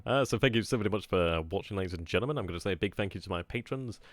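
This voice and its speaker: A man's voice: on the low side, very fast, no echo. A man hosting a strategy game video channel, chatting casually and informally to his viewers and easily amused. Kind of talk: casual video outro chat.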